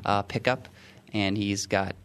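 A man's voice: lowish voice, fairly even intonation, measured pace, a bit bright, a little hiss or hum. A man hosting a podcast, chatting casually through news stories, joking and laughing often as he reads. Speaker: podcast host.

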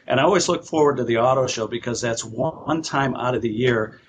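A man's voice: mid-range voice, fairly quick. Rambling man over faint noise. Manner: rambling, repeats words. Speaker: car show panelist. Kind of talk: casual podcast chat.

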